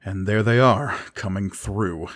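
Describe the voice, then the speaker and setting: A man's voice: fairly low pitch, a little slow, a bit bright. A man voicing a bold young male airship commander who gives confident orders. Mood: grim.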